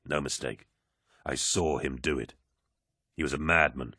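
A man voicing a giant male warrior, speaking gravely and in a measured, low way, as an audiobook character voice. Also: pushed and bright, no room sound, clean studio sound, full character voice.

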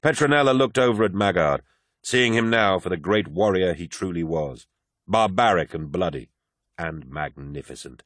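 A man reading a dramatic war novel as an audiobook narrator, in a measured, dramatic way. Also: low-pitched, expressive, fairly bright tone, no room sound, clean studio sound. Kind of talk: scripted narration.

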